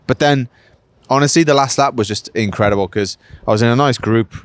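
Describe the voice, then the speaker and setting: In a smooth, medium-pitched voice that moves fairly quickly, with no room sound, a Welsh man in his late thirties chats after a race. He's a professional cyclist, and his rambling answers are packed with "like" and "mate."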